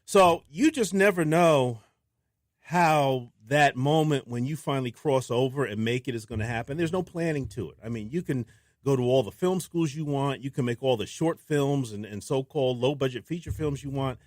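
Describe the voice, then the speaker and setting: A man, a filmmaker guest on a radio show, talking in a casual, animated way and acting out what people said to him. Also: medium pitch, normal speed, dry recording, studio quality. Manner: animated storyteller who acts out quotes. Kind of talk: casual interview talk. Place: radio studio.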